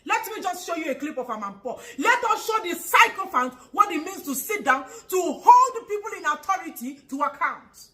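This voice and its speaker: A woman with a Nigerian accent delivers an angry vlog commentary, firing rhetorical questions, laughing mockingly and sometimes shouting. Her voice is high, bright and sharp. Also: big pitch swings, moderate pace, few pauses, poor audio.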